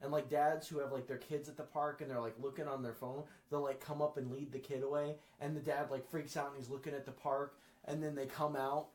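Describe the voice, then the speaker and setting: A man's voice: medium pitch, flat delivery, a little fast, few pauses, darkish tone, reverberant. A man who is a podcast guest, chatting casually in a rambling way, full of "like" and restarts. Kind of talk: casual chat.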